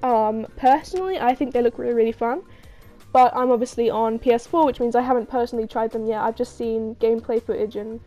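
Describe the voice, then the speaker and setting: Female gaming creator, breathy from a cold, mellow and fairly high, chatty Q&A voice-over with faint music under it. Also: fast, highs cut off. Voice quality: scratchy throat. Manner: chatty, lots of ums and restarts. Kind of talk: casual Q&A voice-over.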